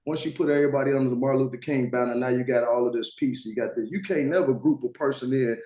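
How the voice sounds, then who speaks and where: A man's voice: mid-range voice, quick pace, warm tone. A man in his thirties in a casual group discussion, talking assertively and cutting in. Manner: assertive, cuts in. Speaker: discussion participant. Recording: roomy echo.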